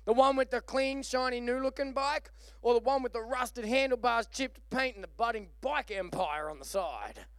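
A man preaching a lively sermon, joking and calling for amens. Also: very high-pitched, normal speed, no echo, studio quality. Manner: animated, joking, calls for amen. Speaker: pastor.

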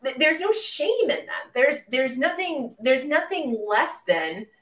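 A woman hosting a podcast, her fairly high voice animated and opinionated as she restarts points with repeated words. The sound is roomy and she sits somewhat back from the mic. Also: takes it slowly, distant mic. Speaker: podcast host. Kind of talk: conversational podcast interview.

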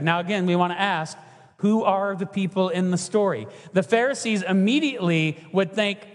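A man with a high, light voice preaches a sermon, talking to his congregation in an easy, conversational way and often tossing in "right?". His voice rings out with the long reverb of a large hall. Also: moderate pace. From Texas. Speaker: pastor.

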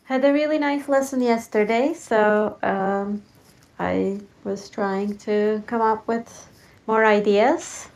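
A woman's voice: medium pitch, steady tone, slow, darkish tone, poor audio. A woman co-hosting a podcast in casual chat, upbeat and chatty with frequent fillers. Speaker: podcast co-host.

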